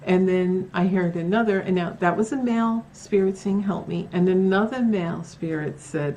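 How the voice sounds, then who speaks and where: At home near a bedroom, a woman who vlogs about the paranormal tells her own stories to camera, chatty and casual, with many fillers and acted-out quotes. Her fairly low, warm voice moves at a normal speed with few pauses, and there's a little hiss or hum.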